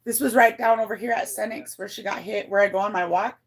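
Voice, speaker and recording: A woman's voice: steady tone, quick pace. A woman livestreaming to her chat, telling a personal story in a rambling, blunt way, swearing freely and often restarting her sentences. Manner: emotional, voice climbs high when moved.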